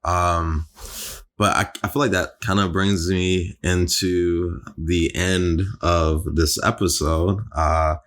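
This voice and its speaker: Slow deep-voiced man co-host. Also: flat delivery, a bit bright. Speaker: podcast co-host. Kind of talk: casual chat.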